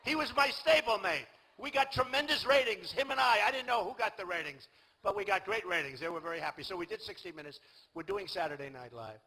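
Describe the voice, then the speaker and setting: An older man holds forth at a political rally, boastful and repetitive, looping back to the same points. His voice is husky yet bright and sits high for a man. The speech comes through a rally sound system. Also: expressive, fairly quick, rough recording. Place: large outdoor rally venue.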